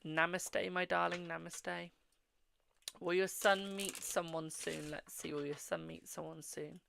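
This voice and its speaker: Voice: mid-range voice, little pitch movement, unhurried, vocal fry, a bit bright, slight background noise. A host reading tarot on a live stream, answering viewers' questions, calling them "my darling" and murmuring while drawing cards. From England.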